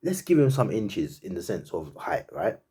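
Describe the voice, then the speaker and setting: A man's voice: low-pitched, big pitch swings, normal speed, dark tone, slightly rough. Incredulous laughing male football fan. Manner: laughing, incredulous, repeats himself, slangy. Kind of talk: animated fan reaction rant.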